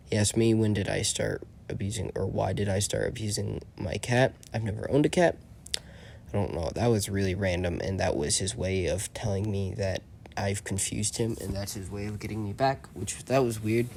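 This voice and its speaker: A man's voice: mid-range voice, vocal fry, a little mellow, a little hiss or hum. A man talking over screenshots in a rambling, mocking, self-assured commentary voice-over. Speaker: channel host.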